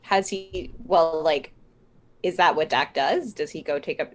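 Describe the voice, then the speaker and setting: A woman playing a tabletop game over a call, playful in character. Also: deep voice. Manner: lively and playful, drawn-out. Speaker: player. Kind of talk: tabletop role-play over a video call.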